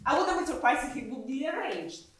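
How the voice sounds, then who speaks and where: Lady doing a prim huffy gentleman, high bouncy voice, super echoey, far off. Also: lively intonation, fairly quick, slight background noise. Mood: indignant. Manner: huffy, exasperated, proper. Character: prim, indignant male gentleman. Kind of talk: amateur stage acting. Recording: very echoey room, far from mic.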